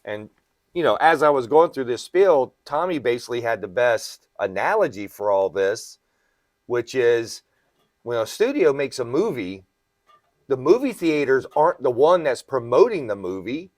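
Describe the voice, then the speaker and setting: A man's voice: mid-range voice, sing-song, moderate pace, darkish tone, no echo, clean studio sound. Talkative male comic shop host. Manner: explains at length, often checks in with "right?". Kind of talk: casual podcast chat.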